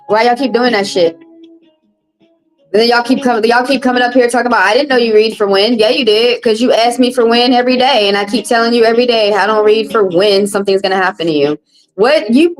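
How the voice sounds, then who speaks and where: Speaking a little fast in a voice on the high side, this woman reads tarot on a live stream, with soft background music and low-quality audio. Her casual chat is blunt and profane, full of teasing toward callers and frequent laughs.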